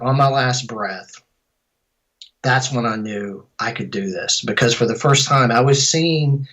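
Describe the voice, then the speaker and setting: A middle-aged man tells his story in a casual interview. His voice sits at an ordinary pitch, and he rambles, restarts and corrects himself as he goes. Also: fairly bright tone, low-quality recording. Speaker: filmmaker and composer.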